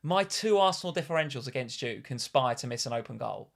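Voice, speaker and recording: A man co-hosting a live stream about fantasy football, animated and given to repeating his exclamations. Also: medium pitch, quick pace, vocal fry. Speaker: podcast co-host.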